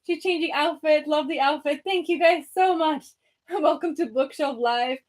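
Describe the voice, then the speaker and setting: A woman's voice: high voice, moderate pace. A young woman chatting casually on a book livestream, out of breath, talking eagerly with lots of fillers and restarts. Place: home room by her bookshelves.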